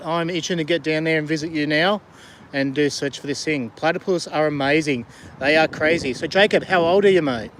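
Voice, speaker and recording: Chatty middle-aged Australian man, fairly high. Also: brisk, a bit bright. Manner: chatty, rambling, friendly, many fillers. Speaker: vlogger and diver. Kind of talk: casual live-stream chat, reading viewer comments. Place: outdoors on a river kayak in the rain.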